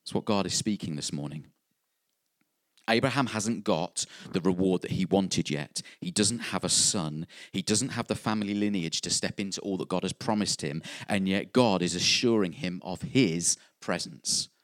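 A man's voice: low-pitched, moderate pace, dry recording, clean studio sound. A man preaching a sermon, earnest and repeating key phrases for emphasis.

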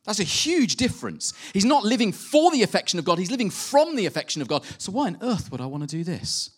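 A man preaching a sermon in a conversational way, with animated rhetorical asides. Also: high-pitched, fast, slightly rough.

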